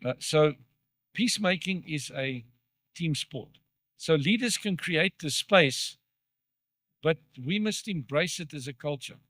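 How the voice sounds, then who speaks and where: A man's voice: fairly high pitch, lively intonation, slow, long pauses, fairly bright tone, dry recording. A man preaching a sermon in church, talking conversationally and asking the congregation questions. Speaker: pastor.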